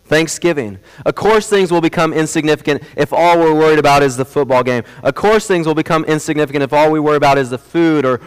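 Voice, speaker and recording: Young pastor preaching in a reverberant church. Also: male voice, on the high side, clean tone. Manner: earnest, builds from quiet storytelling to animated emphasis. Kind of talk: sermon. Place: church sanctuary. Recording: long hall reverb.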